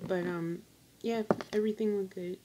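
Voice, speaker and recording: A woman's voice: mid-range voice, fairly even intonation, moderate pace, noisy background. A woman talking casually in a rambling vlog update with many fillers and restarts. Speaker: vlogger. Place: on a work break.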